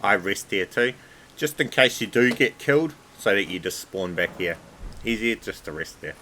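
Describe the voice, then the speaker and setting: Low-voiced man giving casual game commentary. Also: normal speed, slight background noise, poor audio. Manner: relaxed, chatty, repeats filler words like "obviously". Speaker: game walkthrough narrator.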